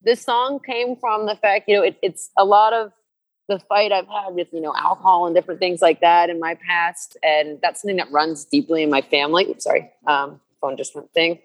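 A woman's voice: on the low side, steady tone, a little fast, rough recording. A woman from New Jersey, a musician guest, talking earnestly in an interview with many fillers and restarts. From New Jersey, USA. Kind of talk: candid interview conversation.

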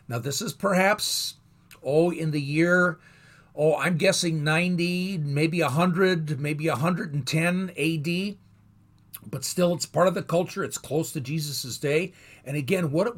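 A man teaching a Bible lesson in a thoughtful, explanatory way, pausing and restarting as he goes. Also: on the high side, slightly rough.

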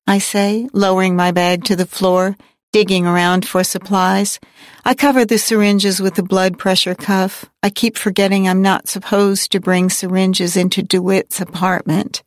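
A woman reading a novel aloud in first person, in a measured, wry and reflective way. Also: medium pitch, flat delivery, no room sound, clean studio sound. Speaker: audiobook narrator. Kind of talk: first-person audiobook narration.

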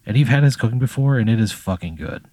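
A man's voice: medium pitch, expressive, fast talker, darkish tone, husky, no echo. A man narrating a tabletop game as game master, in a casual, profane storytelling manner.

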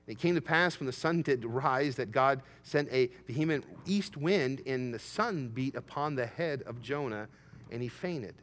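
Bright, emphatic male preacher. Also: medium pitch, in a large hall. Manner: emphatic, rising to excited peaks when voicing Jonah. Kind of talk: sermon.

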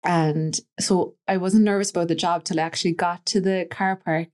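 A woman with a West Cork Irish accent speaks in a fairly low, grounded register for a woman. She is a podcast guest telling long anecdotes, with plenty of "like" and "you know" woven through her talk. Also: fairly even intonation, normal speed, a little mellow. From Ireland, West Cork. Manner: chatty, anecdotal, frequent fillers like "like" and "you know". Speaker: guest, stylist. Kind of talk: casual interview storytelling.

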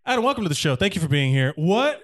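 A man's voice: high-pitched, sing-song, quick pace, fairly bright tone. A man hosting a casual comedy show, announcing guests in a playful showman style. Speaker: host.

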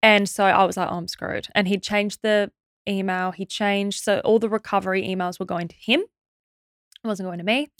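A young woman telling a stressful story as a podcast guest, in a quick, animated way with many fillers and restarts. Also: mid-range voice, no echo, studio quality. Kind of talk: casual storytelling interview.

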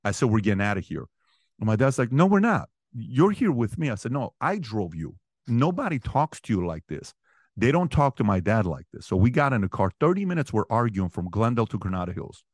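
A man in his forties with a fairly low voice tells stories from his life in conversation, and he gets animated, climbing high and loud whenever he relives a heated moment. The sound is dry and close, with no room around it. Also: brisk, dry recording. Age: 40s. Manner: animated, rising in pitch and volume when reliving arguments. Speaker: interview guest. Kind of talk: storytelling in conversation.

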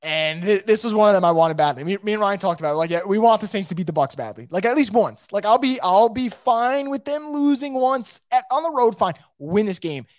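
A man hosting a casual live sports podcast, reading out viewer comments and reacting in a fast, emphatic way, often repeating his words. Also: sits high, lively intonation, no room sound, clean studio sound.

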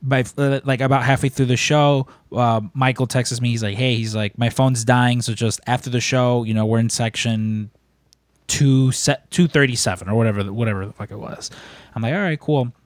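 This podcast host, a man with a medium-pitched voice at a normal speed, tells a story in a casual, animated way and acts out the people he quotes. The recording is dry, with clean studio sound.

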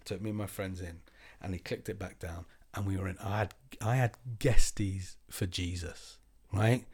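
A man's voice: deep voice, moderate pace, breathy edge. Chatty man telling a story. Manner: animated, swearing, acts out other people's lines in raised voices. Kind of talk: casual storytelling.

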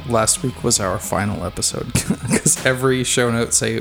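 A man's voice: medium pitch, vocal fry, over music. A man co-hosting a casual podcast, teasing his bandmates and laughing a lot. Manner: teasing, quick with jokes, laughing. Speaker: podcast co-host. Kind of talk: casual chat over beers.

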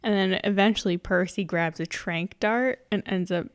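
A woman's voice: medium pitch, normal speed, clear, resonant tone. A woman casually retelling a movie plot to a friend, laughing often as she goes. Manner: giggly, laughs often while summarizing. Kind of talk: casual movie recap chat.

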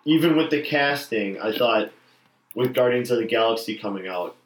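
A man's voice: mid-range voice, animated, normal speed, reverberant, low-quality recording. A man chatting casually about movies on a podcast, laid-back, chiming in with short agreements.

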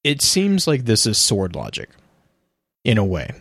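A man co-hosting a casual podcast, talking in a halting way with repeated words and easy laughs. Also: on the low side, wildly swooping pitch, vocal fry, a bit bright, breathy edge, no echo. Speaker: podcast co-host. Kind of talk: casual chat and reading aloud.

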